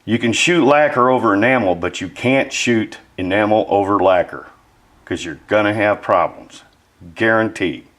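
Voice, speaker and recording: A model maker chats casually about his model-building work, explaining things in a self-deprecating way. His voice is fairly low and a bit bright, and he talks at a normal speed.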